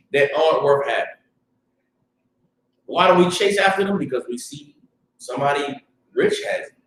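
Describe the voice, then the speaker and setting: A high-voiced man with a Southern US accent preaches in a fiery, loose street style, breaking into shouts at his peaks. He stands back from the mic in a very echoey room. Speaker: class teacher. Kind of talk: preaching class, casual street talk. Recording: roomy echo, distant mic.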